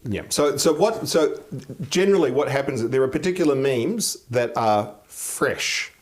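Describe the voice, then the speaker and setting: A middle-aged man, talking casually as an interview guest, animated and quick to act out quoted voices and laugh. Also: mid-range voice.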